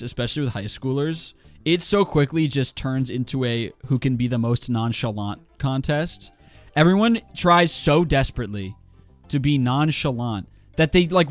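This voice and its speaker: A man's voice: on the high side, dry recording. A man in his twenties ranting casually on a livestream while he plays a game, swearing a lot and full of fillers and restarts. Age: 20s.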